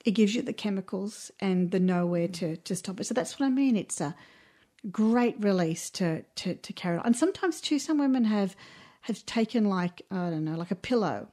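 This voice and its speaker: Woman podcast co-host, mid pitch, candid and heartfelt, loose with ums and restarts. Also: animated, moderate pace, dark tone. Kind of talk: casual podcast chat.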